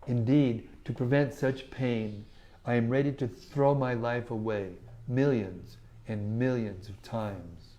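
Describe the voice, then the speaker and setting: A man's voice: mid-range voice, slow, mellow, lo-fi sound, natural voice. A man reading aloud the lines of a young divine male lover, tender and pleading, in an earnest, slightly raised voice.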